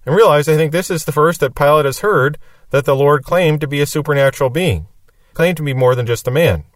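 A man's voice: a little high, fairly quick, no echo, far from the mic. A man teaching through a Bible passage verse by verse, reading each verse and then explaining it. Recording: dry sound from off the mic.

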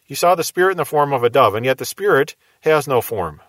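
A man teaching verse by verse from the Bible in a calm, measured manner. He explains each passage step by step and poses rhetorical questions to his listeners. His mid-range voice is recorded dry, with no room sound. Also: mid-range voice, dry recording.

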